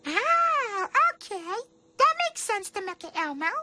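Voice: very high voice, sing-song, unhurried, full character voice. A performer voicing a cheerful small robot monster who talks about himself in the third person. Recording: cartoon with loud music behind.

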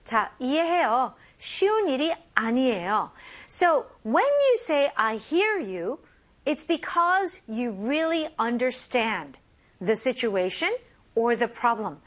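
Woman, high lively voice, bilingual English lesson, slow phrase drills. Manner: animated, drills phrases slowly, laughs between points. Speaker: English teacher.

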